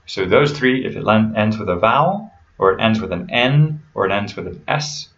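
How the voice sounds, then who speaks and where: Deep-voiced man teaching pronunciation. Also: fairly bright tone, dull audio. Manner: patient, methodical, slows down to model words. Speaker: language teacher. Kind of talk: explaining pronunciation rules.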